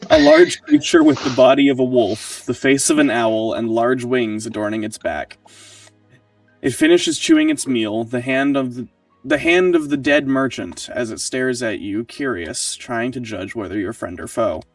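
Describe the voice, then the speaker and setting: A man's voice: mid-range voice, huge pitch swings, moderate pace, vocal fry, soft background music. A man running a tabletop game as game master, reading out scene descriptions and laughing easily with his players.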